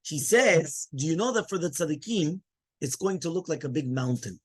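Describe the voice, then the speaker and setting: A rabbi gives a lively Torah class, throwing questions at his listeners and hushing the room. His voice is fairly high for a man and a bit husky. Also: normal speed. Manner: animated, asks the listeners questions and quiets them. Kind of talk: Torah class to a live audience.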